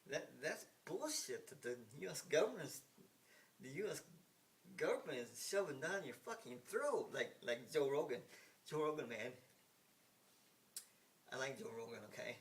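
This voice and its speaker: A man's voice: mid-range voice, big pitch swings, moderate pace, pauses often. A man in his sixties from the United States, rambling in a casual monologue with emphatic repetition, frequent restarts and the odd swear word. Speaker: vlogger. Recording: hissy, from some distance off the mic.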